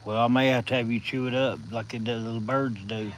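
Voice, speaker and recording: A man with a Southern US accent hosting a casual live stream from his phone, telling stories in a folksy, drawn-out way. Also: medium pitch, fairly even intonation, a little hiss or hum, rough recording. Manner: folksy, drawn-out storytelling with chuckles.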